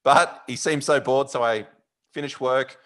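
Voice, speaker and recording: A man with an Australian accent, a podcast host telling a long story in a rambling, animated way, with many fillers. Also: medium pitch, unhurried. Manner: animated, rambling, with fillers and loud yelled bits. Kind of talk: casual storytelling.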